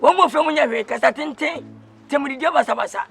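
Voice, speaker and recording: A man's voice: extremely high pitch, quick pace, gravelly, fairly bright tone, soft background music, heavily acted. A man acting as a talkative, boastful village father in a comedy drama, rambling and mixing English words into his speech. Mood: lecturing.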